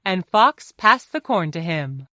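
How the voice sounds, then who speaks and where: A woman narrating a children's storybook in a slow, sing-song way. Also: lowish voice, big pitch swings, bright, forceful tone. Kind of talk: scripted children's story reading.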